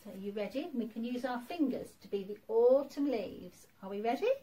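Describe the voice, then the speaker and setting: A woman leading a church toddler group, reading a picture book aloud in an animated, sing-song way. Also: on the high side, brisk, poor audio. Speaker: children's group leader.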